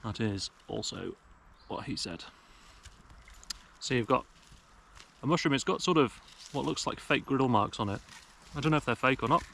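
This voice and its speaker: A man's voice: mid-range voice, animated, moderate pace, creaky, pauses often, a bit bright, slight background noise. A young British man vlogging while sitting outdoors in woodland, chatting in a wry, self-mocking way with rambling jokes, recorded on an action camera. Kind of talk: casual chat to camera.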